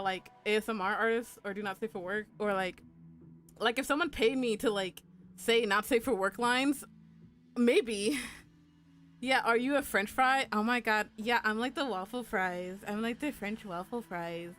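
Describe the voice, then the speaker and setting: Young woman, casual stream chat, crude and giggly, slightly high voice, faint music behind. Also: moderate pace, fairly bright tone. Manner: chatty and crude, with frequent laughs and squeals. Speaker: VTuber streamer and artist. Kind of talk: casual live-stream chat while drawing.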